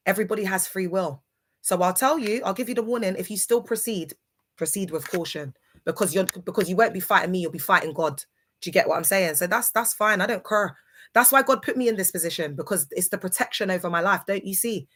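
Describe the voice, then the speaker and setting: In a quick, slightly bright, mid-pitched voice, a woman streams a casual monologue through her grief. She preaches emphatically and often asks her viewers if they understand.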